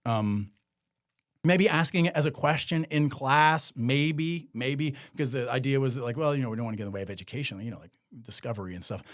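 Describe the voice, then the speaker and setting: A man hosts a solo commentary podcast, speaking briskly in a mid-range voice. His delivery is sarcastic and conversational, full of filler words.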